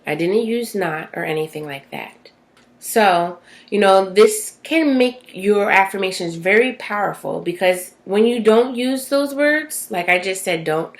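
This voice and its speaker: A woman vlogging casually from her bathroom, chatty and rambling, with many fillers and tag questions. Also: mid-range voice. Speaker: self-help vlogger. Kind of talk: casual talking-to-camera vlog. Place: small bathroom at home.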